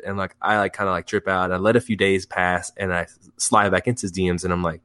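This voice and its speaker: A young man telling a story as a guest in a casual interview, rambling and excitable, full of fillers. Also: deep voice, quick pace, hardly any pauses. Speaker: music producer guest.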